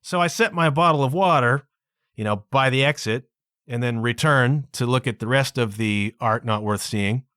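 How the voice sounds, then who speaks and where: A man's voice: medium pitch, moderate pace, clear, resonant tone, no echo, clean studio sound. A man hosting his own podcast, telling travel stories in a casual, exclaiming way, dropping "man" and "dude" often. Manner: animated, exclaiming storyteller with frequent "man" and "dude". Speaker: podcast host. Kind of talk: casual solo podcast monologue.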